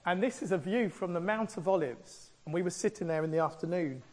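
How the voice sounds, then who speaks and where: A man preaching a sermon, telling the story in a lively way and acting out the voices in it. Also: high-pitched, a little fast. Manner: animated storytelling delivery, acts out quoted voices.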